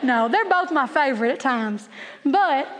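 Very high-voiced woman telling stories. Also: unhurried, big-room sound. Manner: animated, chatty storytelling with laughing asides. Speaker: Bible class teacher. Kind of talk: storytelling Bible lesson.

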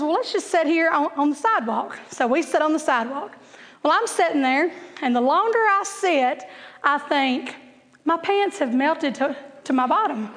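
A woman's voice: high voice, a bit bright. A woman, telling humorous stories to an audience and laughing at her own jokes. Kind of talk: humorous storytelling talk to an audience. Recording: long hall reverb.

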